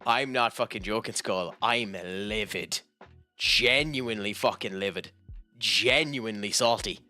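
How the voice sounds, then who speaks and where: A man's voice: lowish voice, measured pace, sharp tone, soft background music. Profane Irish man ranting over a game. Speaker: gaming channel host. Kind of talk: casual game commentary.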